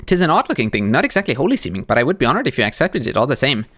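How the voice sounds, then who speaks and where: A man's voice: medium pitch, sing-song, racing, a bit bright. A man voicing a small, kindly, devout bug pilgrim with polite, old-fashioned speech while reading game dialogue aloud. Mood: cheerful.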